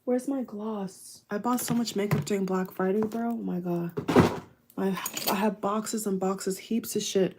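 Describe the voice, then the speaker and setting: A woman in the middle of a casual live stream, rambling warmly to her viewers and calling them guys. Her pitch sits squarely in the ordinary middle range, and she gushes freely with plenty of likes and ums. She is talking at home at night through wireless earbuds. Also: fairly even intonation, a little slow, noisy background. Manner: chatty and effusive, many fillers, addresses viewers as guys. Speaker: YouTuber doing a live reaction.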